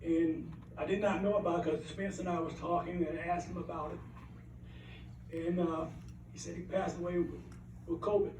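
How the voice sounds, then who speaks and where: Older guy, high voice, earnest rambly award speech, mic far off in an echoey hall. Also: level tone, moderate pace, background noise. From Alabama, USA. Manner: rambling, anecdotal, earnest, repeats phrases for emphasis. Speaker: award recipient giving acceptance speech. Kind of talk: heartfelt acceptance speech. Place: banquet hall at an awards event. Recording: roomy hall, mic at a distance.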